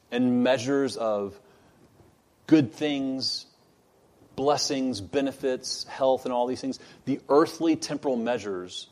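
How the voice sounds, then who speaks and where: A man preaching in a mid-range voice, earnest and deliberate. He leans into key phrases with rising force and lets other lines drop low and quiet. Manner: earnest preaching that builds to loud emphatic outbursts. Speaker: pastor. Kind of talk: sermon.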